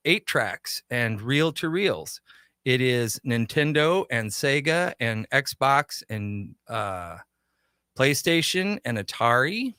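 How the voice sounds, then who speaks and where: A man on a radio show telling anecdotes and acting out the back-and-forth of old conversations. His voice is bright and forward. The sound is close and dry, like a studio mic. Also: mid-range voice, clear, resonant tone, no room sound. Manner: animated anecdotes with quoted dialogue. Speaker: shop owner guest. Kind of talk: casual radio interview storytelling.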